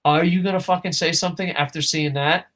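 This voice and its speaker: A man's voice: a little high, fairly quick. A man co-hosting a casual wrestling talk show, ranting with lots of swearing and acting out little quotes. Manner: profane, animated ranting with acted-out quotes. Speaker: podcast co-host.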